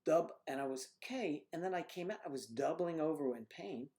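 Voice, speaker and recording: An older man hosting a livestream, chatting casually through rambling anecdotes with frequent restarts and throat clearing. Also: on the high side, animated, brisk, mellow. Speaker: livestream host. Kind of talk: casual chat reading viewer comments. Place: home livestream setup.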